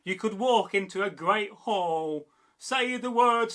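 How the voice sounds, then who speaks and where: A man, from the Midlands, giving a scripted history narration in short, measured, dramatic phrases. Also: high-pitched, pushed and bright. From English Midlands. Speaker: history presenter.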